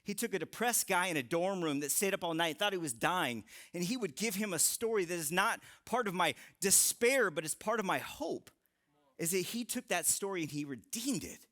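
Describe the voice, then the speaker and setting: A man in his thirties giving a live sermon to a young adult crowd in a large room, telling stories with animated humor. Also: sits high, normal speed. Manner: animated, joking storytelling. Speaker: young adult ministry speaker.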